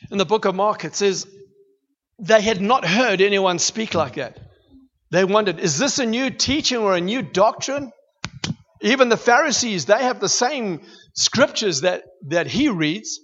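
A man preaching a sermon, emphatic and building to excited declarations. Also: high voice. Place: church hall. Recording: reverberant hall, dull lo-fi sound.

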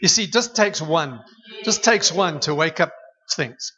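A man preaching a sermon in a church hall, telling stories with lively humor. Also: a little high, measured pace. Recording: dull echoey hall recording.

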